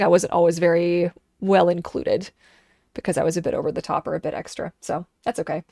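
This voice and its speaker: A woman in her thirties streaming and chatting casually, telling animated stories and acting out the voices of people and her dogs. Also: mid-range voice, fairly quick, no echo, studio quality. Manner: animated storyteller, acts out quoted voices. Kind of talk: casual chat.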